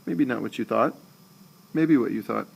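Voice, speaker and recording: A man teaching a screencast lesson, explaining slowly and patiently and saying syllables aloud with exaggerated stress. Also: mid-range voice, gravelly, husky, dull audio. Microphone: tablet recording.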